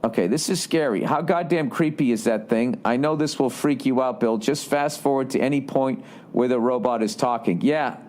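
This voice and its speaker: A man's voice: medium pitch, moderate pace, few pauses, a little mellow. A man hosting a podcast, ranting with heavy swearing and sarcasm and reading listener letters aloud. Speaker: podcast host. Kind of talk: casual podcast monologue.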